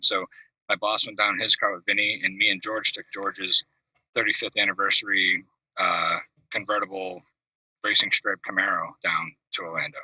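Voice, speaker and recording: A man telling a long, animated funny story on a video call, acting out voices and laughing at his own tale. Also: fairly low pitch, breathy edge, no echo. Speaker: call-in show host. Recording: dry video call audio, distant from the mic.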